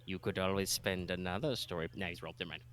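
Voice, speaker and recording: Bright-voiced rambling game master man. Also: sits low, steady tone, fast talker, slight background noise. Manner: rambling, explanatory, many filler words. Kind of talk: narrating a tabletop game.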